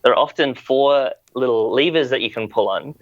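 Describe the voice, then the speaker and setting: A man's voice: medium pitch, normal speed, no room sound. A man co-hosting a chat and musing with curiosity. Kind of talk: casual chat. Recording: dull dry sound.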